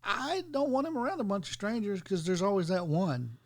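A man co-hosting a casual podcast, stating firm opinions with emphatic pauses. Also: high-pitched, sing-song. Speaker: podcast co-host. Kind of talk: casual chat.

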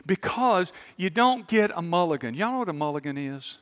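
A male pastor, preaching a sermon. He tells a story calmly, then builds to fervent appeals to the congregation. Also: high voice, normal speed, big-room sound. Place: large church auditorium.

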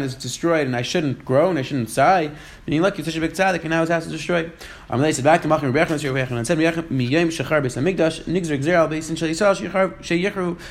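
A man giving a Talmud class in a quick, steady flow, mixing Hebrew and Aramaic quotes with English explanations. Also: on the high side. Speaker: Talmud teacher. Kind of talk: Gemara study class.

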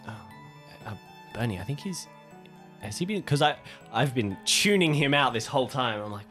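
A man's voice: mid-range voice, expressive, normal speed, a bit bright, soft background music. A man playing a tabletop game, chatting casually and hesitantly with restarts. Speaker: player.

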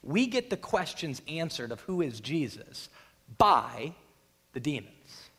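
Male pastor, dramatic sermon delivery, acts out voices, lively high pitch, long hall reverb. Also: slow, slightly rough. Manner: dramatic storytelling, acts out voices, builds to loud peaks.

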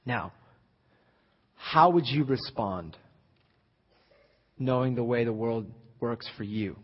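A young man preaching a sermon, emphatic, building to near-shouts at the high points. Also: lively intonation, slow pace, slightly rough. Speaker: pastor. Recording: dull lo-fi recording in a reverberant hall.

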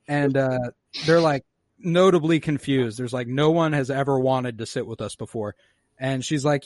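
A man casually recapping a show episode, acting out the characters' lines in quick little voices and swearing freely. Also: a little high, no room sound, studio quality. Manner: animated storyteller who acts out characters' lines, swears freely. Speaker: podcast co-host recapping a show. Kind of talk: casual chat.

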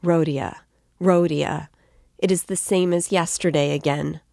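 An anxious, tender middle-aged mother , as a woman reader voices her, pleading with her voice lifted a little higher. The sound is dry and close. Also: moderate pace, darkish tone, no room sound.

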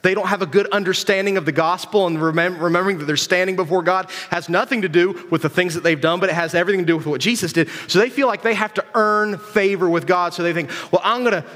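A man with a high voice preaches in a relaxed, conversational way, full of rhetorical questions and repeated phrases. His voice rings out with a long reverb from a big hall. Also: fast, hardly any pauses. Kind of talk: conversational sermon to young people.

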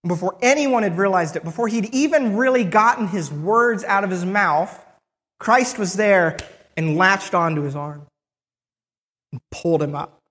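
A preacher retelling a Bible story in the first person, with frequent restarts and pauses. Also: medium pitch, a bit bright, big-room sound.

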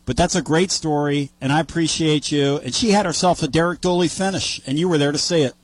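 A man's voice: fairly high pitch, brisk, no room sound. A man hosting a radio talk show, reacting to a guest's story with emphatic enthusiasm.

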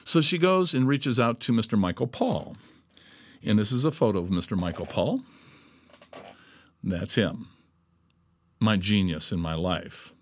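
A man's voice: on the low side, measured pace, pauses often, no room sound. Blunt, foul-mouthed man ranting. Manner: blunt, swears constantly, emphatic. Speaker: host. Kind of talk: profane motivational monologue.

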